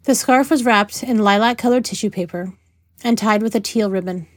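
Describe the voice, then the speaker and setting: Woman narrator, measured reading, mid pitch, dry close-miked sound. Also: no room sound. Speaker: audiobook narrator. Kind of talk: scripted narration.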